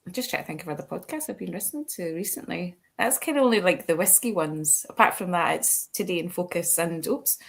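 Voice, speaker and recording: A woman's voice: on the low side, lively intonation, a little fast, creaky, few pauses. A Scottish woman, a podcast guest, chatting casually on a video call, often restarting her sentences and laughing easily. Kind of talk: casual chat.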